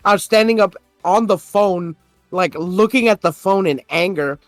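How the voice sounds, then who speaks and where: A man's voice: sits high, moderate pace, dry recording, soft background music. A man on a podcast, casually telling a story, swearing often and getting worked up as he retells an argument. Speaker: podcast host. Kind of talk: casual chat.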